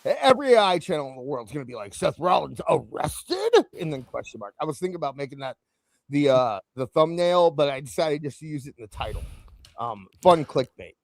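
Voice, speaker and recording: A man's voice: fast, dry recording. A man hosting a casual wrestling talk show, chatting and rambling with a co-host. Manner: animated, rambling, jumps in pitch. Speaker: podcast host.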